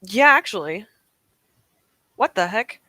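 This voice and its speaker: A woman's voice: mid-range voice, expressive, slow, pushed and bright, no room sound. A young woman streaming from home, chatting casually and encouragingly with her live chat, often laughing. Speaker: streamer hosting reading sprints.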